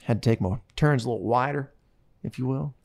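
A man's voice: medium pitch, a little fast, a little mellow. A man hosting a show, chatting casually and telling rambling, joking stories into a studio microphone. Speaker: show host and touring musician. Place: radio studio.

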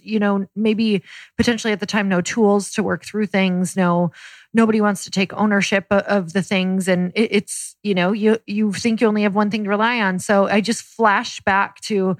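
A woman co-hosting a podcast shares a personal story in earnest, reflective casual conversation. Her voice is medium-pitched, and the recording is dry.

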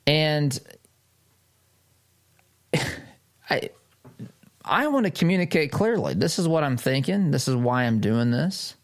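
Slow and prone to frequent pauses, this middle-aged host's voice swings widely in pitch. On his political commentary show he reads an article aloud and meets it with sarcasm and emphatic pitch jumps.

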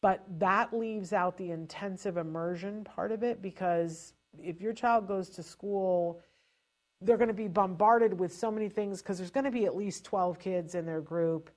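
A woman giving parents casual spoken advice in a lively, chatty way, often restarting her sentences. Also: mid-range voice, normal speed. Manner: animated and chatty, with frequent restarts. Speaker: advisor to parents on child language delay.

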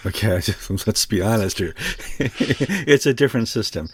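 A man's voice: on the low side, animated, unhurried, slightly rough, no room sound. A man co-hosting a casual discussion, speaking in a wry, joking way. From United States. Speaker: co-host.

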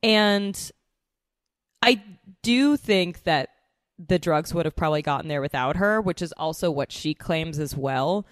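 Chatty joking woman, low voice. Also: lively intonation, measured pace, no echo, clean studio sound. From New York City. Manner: chatty, jokey, prone to restarts. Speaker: podcast co-host. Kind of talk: casual chat.

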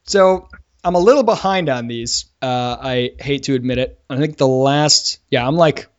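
A man hosting a podcast in casual chat, talking quickly and laughing easily. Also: mid-range voice. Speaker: podcast host. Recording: dull lo-fi sound.

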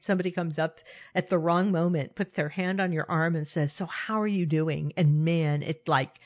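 A woman's voice: low voice, no room sound. A middle-aged woman hosting a casual self-help talk, speaking candidly and with animation, often laughing and addressing her listeners directly. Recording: dry, slightly muffled recording.

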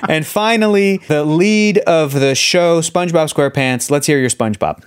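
A man hosting a podcast, his voice sitting a little high and sounding eager as he chats. He talks in a casual, friendly way, setting up topics and teasing out stories. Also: normal speed, clean tone. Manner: enthusiastic and chatty. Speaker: podcast host. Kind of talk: casual chat.

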